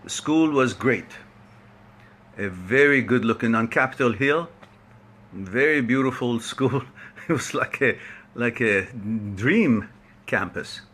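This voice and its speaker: Male host, unhurried and chatty, forceful bright tone, laughs a lot. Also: medium pitch, lively intonation. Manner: chatty, laughs often, rambling. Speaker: host of a live online talk. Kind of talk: casual chat greeting viewers by name.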